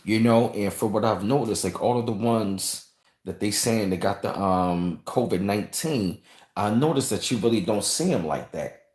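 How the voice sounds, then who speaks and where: Livestream host, male, lowish voice, loose rambling chat, roomy echo. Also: expressive, normal speed, a little mellow. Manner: rambling, conversational, repeats phrases, reads and thanks viewers. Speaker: channel host reading live chat.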